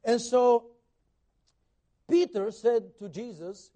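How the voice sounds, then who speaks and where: High-voiced male pastor, mellow tone. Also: animated, a little slow. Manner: swings between loud emphasis and soft, near-muttered asides; acts out quoted dialogue. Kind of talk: conversational sermon.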